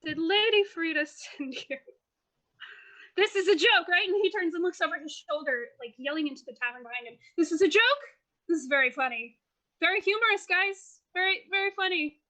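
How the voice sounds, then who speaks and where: A woman's voice: extremely high pitch, fairly quick, pushed and bright. A woman voicing a charming young male water genasi sailor in a tabletop game, stammering and easily flustered. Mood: mock-offended. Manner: flustered, stammering, mock-offended.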